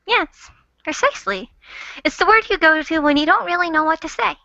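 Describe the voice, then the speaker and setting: A woman hosting a casual fan chat, chatty and quick to apologize, with a giggly manner. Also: very high voice, bright, forceful tone. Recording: dull lo-fi dry recording.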